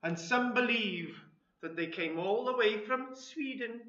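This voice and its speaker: A high, bright-voiced man lectures in a chatty, self-deprecating way, drifting into anecdotes between points. The sound is roomy and a little dull, like a lo-fi recording of a talk in an echoing room. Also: measured pace. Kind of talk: informal lecture with audience chat.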